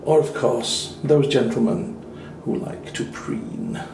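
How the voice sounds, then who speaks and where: Taking his time, a man with a medium-pitched voice and vocal fry speaks in a sing-song way. He delivers a chatty, wry travel-review walkthrough of a small hotel room, with dry asides, recorded in an echoey small room with faint noise.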